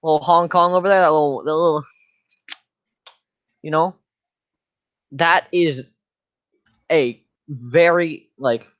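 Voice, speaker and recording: A man's voice: a little high, fairly even intonation, takes it slowly, pauses often, a bit bright, no room sound, muffled recording. A man giving a joking class presentation in a slangy, rambling, mock-serious way. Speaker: student presenter.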